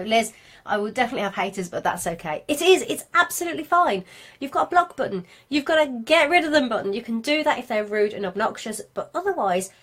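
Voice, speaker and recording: A woman coaching craft sellers in a live stream from home, chatty and encouraging, with frequent asides. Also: mid-range voice. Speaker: craft business marketing coach. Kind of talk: live-streamed class to viewers.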